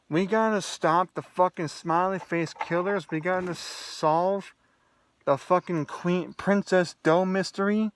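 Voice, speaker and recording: A man's voice: high-pitched, a little slow, no room sound. A young man on a vlog, ranting angrily and swearing heavily in a profane, agitated way. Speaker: vlogger. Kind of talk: angry solo rant to camera.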